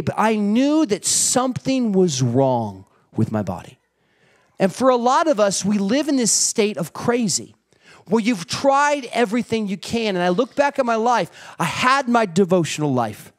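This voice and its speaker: A middle-aged man preaching a sermon, telling a story with animated energy and acting out family members. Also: high-pitched, normal speed. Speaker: pastor.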